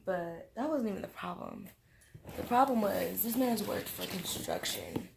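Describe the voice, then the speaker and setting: A young woman tells a story to camera while tipsy. Her voice has a gravelly, fry-laden edge at a middle pitch. She acts out quotes in an animated, slangy way. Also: unhurried, noisy background. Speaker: vlogger. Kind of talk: casual storytime monologue.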